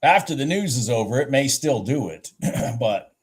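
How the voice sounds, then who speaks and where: A man giving casual live trading commentary, excitable and thinking aloud with frequent restarts. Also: medium pitch, normal speed, slightly rough. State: a bit out of breath. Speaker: livestream day trader.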